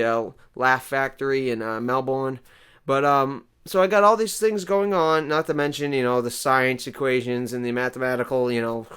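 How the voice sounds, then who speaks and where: A man with a smooth, clear voice of middling pitch rambles through a deadpan comic monologue. He boasts about himself with mock self-importance and wanders off on absurd tangents. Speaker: comedy show host.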